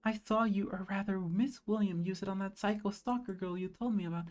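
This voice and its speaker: A woman's voice: medium pitch, brisk, darkish tone, natural voice. A woman voicing an angry teenage schoolgirl who talks bluntly and swears at her best friend. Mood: hurt, angry.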